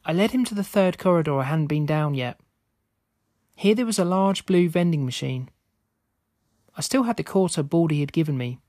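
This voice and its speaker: A man reading a scripted spooky story aloud in a steady, measured way. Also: fairly high pitch, no room sound, studio quality. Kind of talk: scripted narration.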